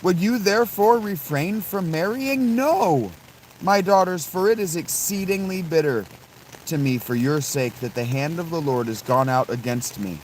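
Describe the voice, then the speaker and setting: A man voicing a bitter, aging widowed mother-in-law who pleads insistently, his pitch lifted a little. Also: animated, normal speed, a little hiss or hum, lightly acted, low-quality recording. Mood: pleading.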